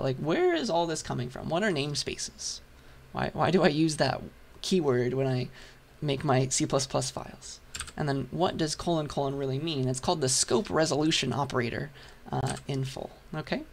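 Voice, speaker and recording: A man lecturing a programming class, patient and step by step while writing, his voice hoarse. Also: fairly high pitch, a little hiss or hum. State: hoarse, losing voice. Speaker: university lecturer. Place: lecture hall.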